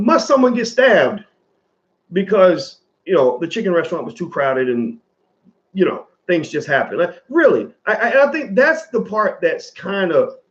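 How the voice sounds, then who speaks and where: A man's voice: high-pitched, highs cut off. A man in his forties giving casual, rambling commentary straight to his viewers, swearing freely.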